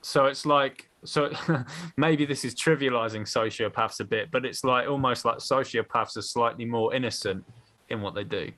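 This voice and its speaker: A man's voice: mid-range voice, moderate pace, fairly bright tone. A man hosting a podcast, asking his guest questions in a plain, curious way. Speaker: podcast host. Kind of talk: conversational podcast interview.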